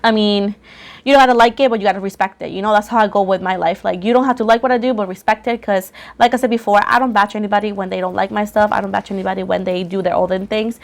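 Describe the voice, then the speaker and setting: This medium-pitched woman runs a tarot channel and talks to her viewers in a relaxed, rambling way, frequently saying the same things twice. Coughing has left her voice slightly rough.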